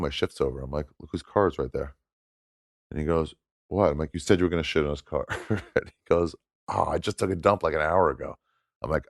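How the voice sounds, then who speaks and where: A man telling a story in casual chat, animated and laughing often as he talks. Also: very deep voice, no room sound, clean studio sound. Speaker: guest comedian.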